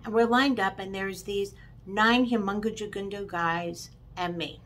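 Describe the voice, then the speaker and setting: Middle-aged woman with a mid-range voice, telling a personal anecdote to camera with lively, shifting pace. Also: mid-range voice. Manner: lively storytelling, pace swinging between drawn-out and quick. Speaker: motivational storyteller.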